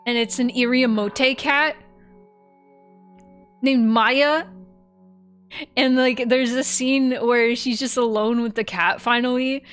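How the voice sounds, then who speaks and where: A woman livestreaming a game and chatting casually, animated, laughing often and swearing freely. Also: fairly high pitch. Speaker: streamer.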